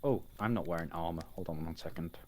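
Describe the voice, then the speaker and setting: A man's voice: deep voice, fast talker. A man playing a tabletop game, wry and stumbling over his words. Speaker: player.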